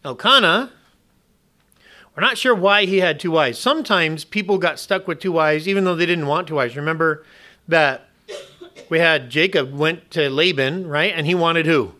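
A man's voice: on the high side, normal speed, sharp tone. A man preaching a sermon, emphatic and questioning the congregation, often restarting and repeating words.

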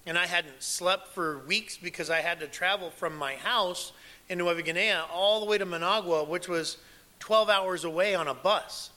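A man preaching with a bright, forceful voice that sits a little high for a man. He tells his stories with emphasis, dropping to a hush and then pushing back up. The delivery is that of a pastor working a sermon. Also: moderate pace. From United States. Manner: emphatic storytelling, dropping to a hush and rising loud. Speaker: pastor and former missionary.

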